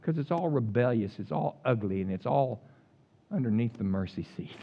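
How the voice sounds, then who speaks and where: A male pastor preaching a sermon in a folksy, animated way, swinging from loud emphatic lines to hushed, low asides. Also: moderate pace, muffled recording.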